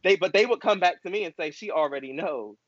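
A young man in casual chat, an expressive, gushing storyteller co-hosting a podcast. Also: high voice, quick pace. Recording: dull dry lo-fi sound.

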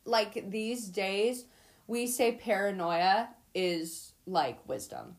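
A woman's voice: mid-range voice, slow. Female co-host, laid-back conversational delivery, thoughtful asides. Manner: casual, reflective, lots of "like". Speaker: podcast co-host. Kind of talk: casual chat.

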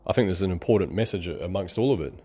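A man talks through a motivational monologue in a loose, rambling way. His voice sits fairly low, and he drops in sarcastic asides and short laughs as he circles his point. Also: expressive, fast talker, mellow, husky.

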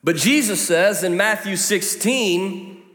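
A man preaching in a large echoing hall, his voice high and bright. He tells funny stories and jokes with the crowd as he makes his point. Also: slow. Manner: storytelling, joking, lively asides. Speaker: pastor. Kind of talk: sermon. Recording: echoey hall.

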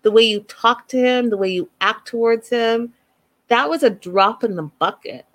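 A woman's voice: fairly high pitch, normal speed, fairly bright tone. A woman giving blunt, opinionated commentary on a reality show, speaking straight to her viewers. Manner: emphatic, blunt, talks straight to "you guys". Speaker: reality TV recap vlogger.

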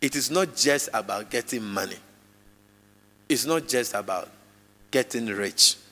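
A man preaching a live sermon to a congregation, emphatic and repetitive, his voice jumping suddenly in pitch and loudness. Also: expressive, measured pace. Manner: repeats phrases for emphasis. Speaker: pastor. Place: church hall with congregation. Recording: long reverb of a large church hall.

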